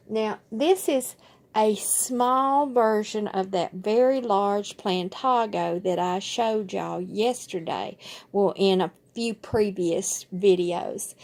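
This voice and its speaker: A woman's voice: medium pitch, a little mellow. A woman with a Southern US accent talking casually to her viewers in a rambling, folksy, heartfelt way. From southern United States. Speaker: vlogger. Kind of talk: casual chat to camera.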